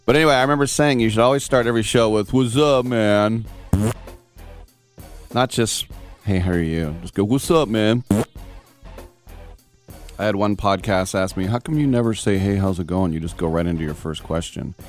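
A man hosting a live sports talk radio show, loose and joking, jumping quickly from one topic to the next. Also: fairly low pitch, faint music behind. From San Francisco Bay Area.

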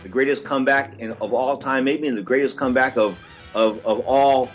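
A man's voice: mid-range voice, fairly even intonation, a little fast, faint music behind. A man hosting a sports radio show in casual chat, brash and opinionated, rambling through his points. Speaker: radio sports talk host.

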